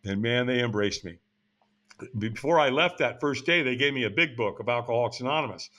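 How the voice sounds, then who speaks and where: Blunt older guy telling his story on a podcast, bright edgy voice, swears casually. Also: medium pitch, animated, brisk. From United States. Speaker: podcast guest. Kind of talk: candid personal storytelling.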